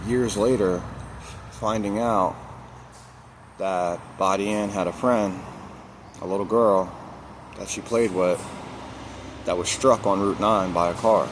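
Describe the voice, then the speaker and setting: A man with a somewhat low voice tells a personal story in a loose, casual vlog manner. He leans on slang and repeats lines for emphasis. Steady background noise and passing vehicle sounds sit under his voice. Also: slow, pauses often. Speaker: vlogger.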